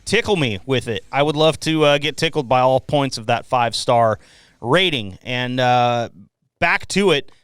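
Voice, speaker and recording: A man's voice: medium pitch, normal speed, a bit bright, clean tone, no room sound. A man hosting his own podcast, chatting casually, joking, swearing and laughing often. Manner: loose, profane and laughing. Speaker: podcast host. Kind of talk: casual chat. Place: home podcast room at night.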